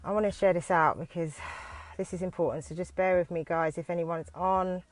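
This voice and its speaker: A British woman who teaches dance talks into her phone from inside a parked car on a live video, nervous and halting, with frequent restarts. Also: on the low side, fairly even intonation, dry recording. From United Kingdom.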